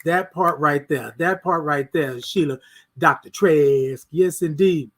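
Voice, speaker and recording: A man's voice: on the high side, takes it slowly. Upbeat man hosting a livestream. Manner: warm, repetitive affirmations, shouts out viewers by name; animated, swings between loud bursts and soft asides. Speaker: host of a morning livestream. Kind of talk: casual live-stream chat with viewers.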